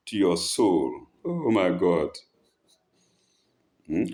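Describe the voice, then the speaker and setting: A man's voice: deep voice, big pitch swings, takes it slowly, mellow. A man teaching from a text, reading a passage aloud, repeating phrases and stopping to explain them. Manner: breaks off to mimic speakers in a raised voice. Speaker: religious teacher.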